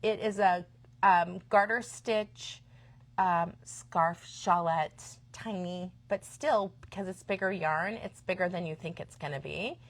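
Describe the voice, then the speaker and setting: A woman in her fifties hosting a live stream for a yarn shop, chatting casually and enthusiastically, sometimes dropping to a quiet aside. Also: on the low side, slow pace. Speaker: shop host. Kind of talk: live-stream product chat.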